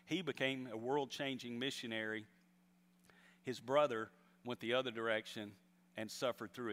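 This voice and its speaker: A man's voice: medium pitch, a bit bright, in a large hall. A man preaching a sermon, telling a story and urging his congregation on with rising emphasis. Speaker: pastor.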